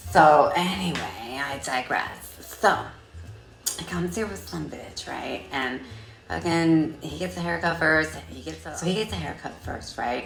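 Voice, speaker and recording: Sassy low-voiced woman, gravelly and bright. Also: echoey room. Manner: sassy, profane, animated storytelling. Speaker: vlogger. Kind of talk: casual storytelling vlog.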